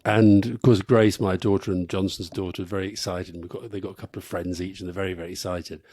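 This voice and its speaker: Lower-voiced man telling wry stories. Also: level tone, quick pace, a little mellow, husky. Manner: anecdotal, wry storytelling with laughs. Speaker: podcast co-host. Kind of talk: live podcast conversation. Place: live stage event.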